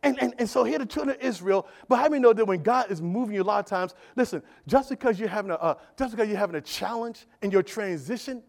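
High-voiced preacher calling for responses. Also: male voice, lively intonation, fast, vocal fry, hardly any pauses. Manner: emphatic, repetitive, call-and-response with the congregation. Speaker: pastor. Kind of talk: sermon.

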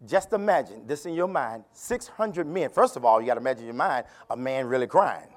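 Man, bishop, church sermon, call-and-response, sweeping animated pitch, rising to shouts. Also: fairly quick. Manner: repeats phrases, tells listeners to turn to neighbor. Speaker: bishop preaching. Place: church anniversary service.

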